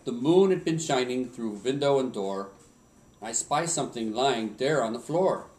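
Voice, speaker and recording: Man putting on a tipsy old Swedish lumberjack, mock Swedish accent, sing-song chuckling storybook voice, lively swoops, roomy sound from across the room. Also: mid-range voice, normal speed, close to an everyday voice. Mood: jolly. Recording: roomy home recording from a distance.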